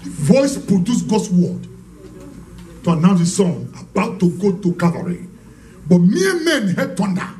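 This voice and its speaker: A man preaching a fervent sermon as pastor, shouting declarations and praying in tongues. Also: high voice, slight background noise, poor audio.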